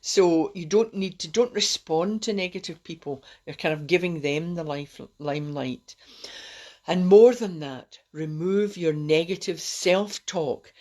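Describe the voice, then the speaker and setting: A woman's voice: on the low side, unhurried, darkish tone. A middle-aged woman, hosting a rambling, encouraging self-help talk on a live stream. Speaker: host.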